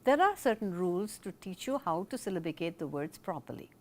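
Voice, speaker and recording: A woman teaching a recorded lesson in a deliberate, explanatory way. She asks the viewer questions and then answers them herself. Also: lowish voice, big pitch swings.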